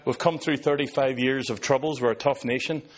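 Joking Northern Irish pastor. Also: male voice, mid-range voice, fairly even intonation, brisk. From Northern Ireland. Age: 50s. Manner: joking, sarcastic asides to an audience. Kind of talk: sermon.

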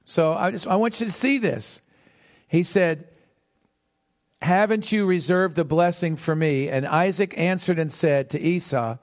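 High-voiced, slow, animated male preacher. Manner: animated, calls to the congregation with questions; acts out the voices in the story. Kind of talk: sermon teaching from scripture.

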